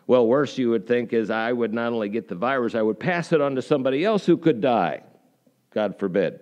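A man's voice: medium pitch, fairly quick, darkish tone, lo-fi sound. A man preaching a sermon in a church, conversational and folksy, with rhetorical questions and frequent fillers. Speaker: pastor.

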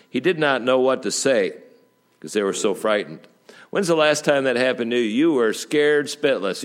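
A middle-aged man preaches a sermon, telling stories with joking asides. His delivery is lively, mixing quiet remarks with emphatic turns. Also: medium pitch. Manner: lively storytelling with jokes and asides. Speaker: pastor.

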